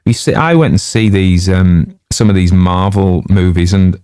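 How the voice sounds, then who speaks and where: Man, low voice, digressive talk, joking asides, fillers, dry room. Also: moderate pace, mellow, clear, resonant tone, no room sound. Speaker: audiobook narrator introducing a story. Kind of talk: rambling casual chat.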